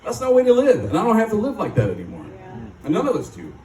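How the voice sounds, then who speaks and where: A man's voice: sits high, wildly swooping pitch, very fast, darkish tone, distant mic. A man from Michigan speaking at a recovery rally, telling his story in a joking, rambling way with frequent laughs. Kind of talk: recovery testimony talk. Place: live rally stage. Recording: echoey and off-mic.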